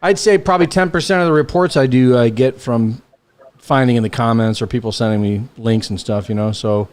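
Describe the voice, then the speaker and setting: A man's voice: mid-range voice, brisk, a little mellow. A man hosting a podcast, rambling and hesitating as he talks. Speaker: podcast host. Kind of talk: casual podcast chat.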